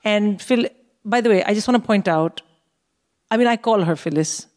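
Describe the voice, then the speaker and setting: A woman in her forties co-hosting a live comedy show, telling a wry, animated story and swearing freely on a stage. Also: mid-range voice, normal speed. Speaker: co-host. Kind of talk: comic storytelling to a live audience.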